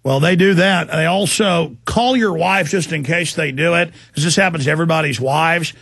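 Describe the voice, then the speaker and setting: A man's voice: fairly high pitch, moderate pace, creaky, fairly bright tone, husky, dry recording. A man hosting a studio talk show, talking to a guest in an urgent, intense tone on a studio microphone.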